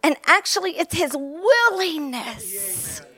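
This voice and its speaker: A woman in her fifties from Kentucky with a Kentucky accent, preaching a fervent sermon with exclamations and drawn-out words. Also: high voice, big pitch swings, a bit bright.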